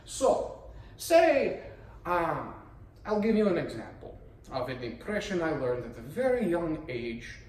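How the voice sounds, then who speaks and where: A man's voice: fairly high pitch, a little mellow. A man who performs voices gives an explanatory talk on voice acting, in a theatrical, playful manner full of rhetorical questions. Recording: echoey room, voice from a distance.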